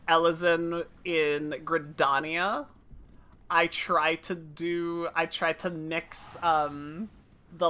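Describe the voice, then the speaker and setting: A woman's voice: sits low, pushed and bright. Giggly woman streamer chatting. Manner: giggly, rambling, fillers. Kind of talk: casual live-stream chat.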